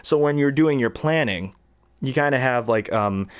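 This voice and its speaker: A man's voice: mid-range voice, normal speed, smooth. A young man chatting casually about voice acting, rambling with lots of fillers and laughs. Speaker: hobby voice actor. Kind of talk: casual chat.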